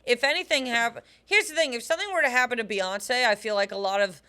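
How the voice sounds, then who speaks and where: A woman's voice: on the high side, quick pace, sharp tone. A young adult woman co-hosting a comedy podcast, telling stories emphatically in casual chat and swearing freely. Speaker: podcast co-host.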